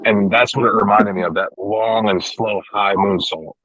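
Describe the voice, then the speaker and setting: A man's voice: on the low side, steady tone, normal speed, a bit bright, no echo. A man hosting a casual wrestling talk podcast, rambling and retelling events with restarts. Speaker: podcast host. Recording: dull lo-fi recording, dry.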